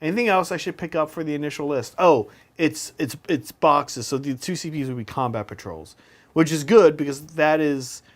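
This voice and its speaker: A man's voice: a little high, normal speed. A man hosting a casual tabletop gaming chat, reading out and thanking viewer comments. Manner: reads viewer comments aloud, thanks them. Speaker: podcast host reading chat.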